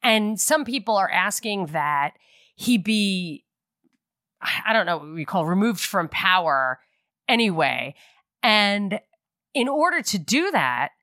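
A middle-aged woman with a bright, clear voice gives casual political commentary on her podcast. She rambles and thinks aloud, stopping often to correct herself. The recording sounds close and dry. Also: medium pitch, very animated, unhurried, pauses often, dry recording. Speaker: podcast host.

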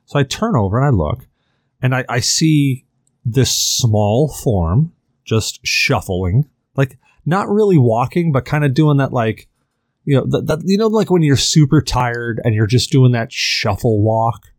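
A man's voice: medium pitch, sing-song, a little slow, no room sound. Rambling man telling a story, dry sound. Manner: rambling, filler-heavy, profane. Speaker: podcast host. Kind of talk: casual storytelling.

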